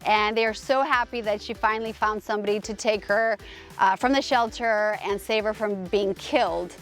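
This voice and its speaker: This woman's voice is medium in pitch and fairly bright, with fairly even intonation and a moderate pace. Hosting over faint background music, she tells a personal story casually and emphatically, gushing, rambling and restarting with plenty of fillers.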